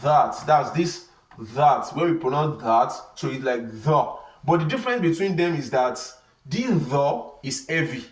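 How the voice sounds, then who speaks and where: A man teaches beginners, asking himself questions and repeating each letter sound patiently. His voice sits a little high for a man. It is recorded from some distance in a room with a clear echo. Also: animated. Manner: asks rhetorical "what?" questions and answers them himself; spells and repeats sounds slowly. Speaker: Arabic teacher. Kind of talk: beginner language lesson at a board. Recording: echoey room, mic at a distance.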